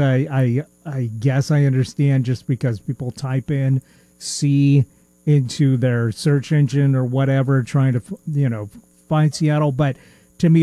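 Dark, dry-sounding male podcast host. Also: medium pitch, no room sound. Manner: joking, self-deprecating, stumbles over words. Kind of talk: casual chat.

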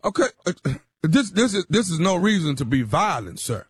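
This is a man with a high, light voice pulling a radio prank call. He talks deadpan and provocative, in a slangy drawl. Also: normal speed, breathy edge, no echo, studio quality.

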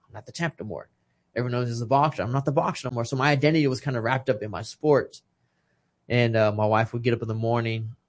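A man's voice: medium pitch, fairly even intonation, fast talker. A man in his thirties, a retired boxer from Texas, tells a personal story on a podcast with heartfelt emotion, often repeating words as he starts a thought. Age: 30s. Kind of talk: casual conversation.

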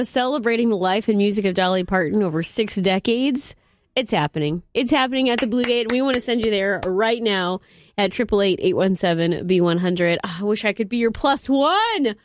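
Morning radio host, woman, mid-pitched, bubbly, close dry studio mic. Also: animated, moderate pace, no echo. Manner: bubbly, laughing, upbeat. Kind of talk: radio talk and contest promo.

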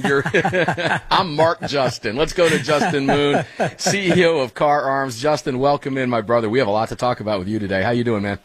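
A middle-aged man hosting a talk radio show from his studio, energetic and chummy, calling listeners guys and brother. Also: medium pitch, brisk, dry recording. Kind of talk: casual talk radio banter.

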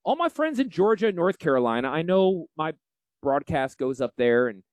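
Loud salesy yankee guy pitching finance stuff, voice jumps all over, dry close mic. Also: very animated, dry recording. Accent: Northeastern US. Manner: brash, salesy, fast-talking, folksy. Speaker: financial advisor and show host. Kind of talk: promotional radio talk.

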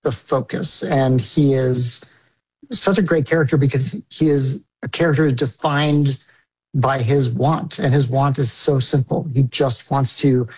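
A man's voice: mid-range voice, fairly even intonation, a little slow, slightly rough, low-quality recording. A man, a film director, answering an interview casually and with enthusiasm, using filler words often.

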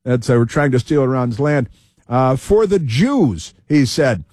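Male commentator, sarcastic, rambling, lots of fillers, dry room, middle pitch. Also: animated, a little slow, a little mellow, dry recording. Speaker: political commentary host. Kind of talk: casual commentary reading news aloud.

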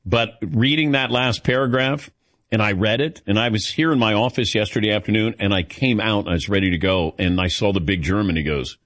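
A man's voice: fairly low pitch, brisk, a bit bright, no echo. A man hosting a sports call-in radio show, chatting easily and rambling through stories. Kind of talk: casual call-in chat.

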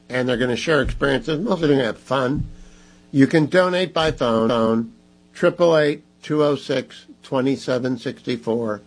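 A man's voice: medium pitch, breathy edge, poor audio. A man hosting a talk radio show, speaking emphatically and pressing listeners to give. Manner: emphatic, pleading and scolding listeners.

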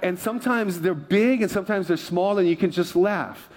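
A man's voice: sits high, normal speed, long reverb tail. A middle-aged man preaching a sermon as pastor, chatty and humorous, throwing asides to his congregation.

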